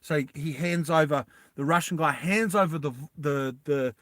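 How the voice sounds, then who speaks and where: A man's voice: a little high, a bit bright, no room sound. A man telling an improvised story to listeners in a rambling, loose way, with lots of fillers and restarts, and jumping into the characters' lines. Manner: acts out characters' lines in quick bursts.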